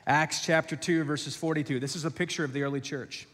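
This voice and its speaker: A man preaching a sermon, telling stories and acting out voices, then dropping low and quiet for key points. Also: steady tone, a little fast. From West Africa. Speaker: pastor. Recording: long hall reverb.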